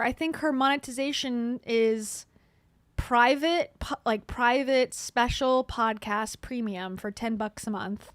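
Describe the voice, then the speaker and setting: A woman's voice: fairly high pitch, a little slow, no echo. Sarcastic woman commenting on clips. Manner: sarcastic, wry asides. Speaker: commentary host.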